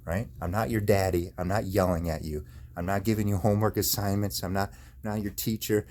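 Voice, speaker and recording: A man's voice: deep voice, fairly even intonation, brisk, darkish tone, slight background noise. A man in chronic pain delivering an angry, profane, repetitive rant in his own video. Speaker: video maker. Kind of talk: angry ranting monologue.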